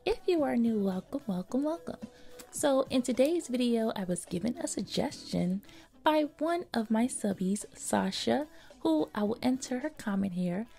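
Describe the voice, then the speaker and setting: A woman's voice: a little high, normal speed, gravelly. A woman fashion vlogger getting over a cold, talking to her viewers in a bubbly, chatty way. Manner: bubbly, lively greetings to viewers. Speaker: fashion YouTuber. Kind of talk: casual scripted vlog narration.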